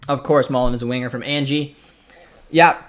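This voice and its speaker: A man's voice: medium pitch, fairly even intonation, a little fast. A young man from Canada with a Canadian accent, hosting a live football watchalong, chatting casually, reading the chat aloud and reacting to the match. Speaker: watchalong host.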